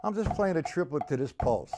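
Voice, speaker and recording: Drum teacher counting beats over loud drums. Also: male voice, fairly high pitch, big pitch swings, brisk, over music. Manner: counting beats aloud between explanations; patient, conversational teaching. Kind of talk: live-streamed drum lesson. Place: room with a drum set. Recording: loud drum kit playing behind the voice.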